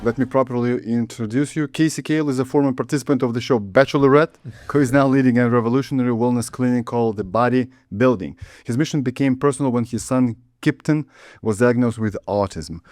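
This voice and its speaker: A man in his thirties hosting a podcast interview, reading a calm introduction and giving short prompts. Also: medium pitch, quick pace, dry recording, studio quality, faint music behind. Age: 30s. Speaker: podcast host.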